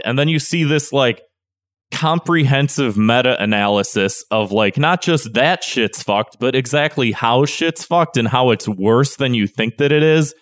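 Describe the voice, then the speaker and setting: A man's voice: mid-range voice, unhurried, no room sound. A young man with a Chicago accent co-hosting a podcast, rambling and swearing in exasperated casual banter. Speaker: podcast co-host.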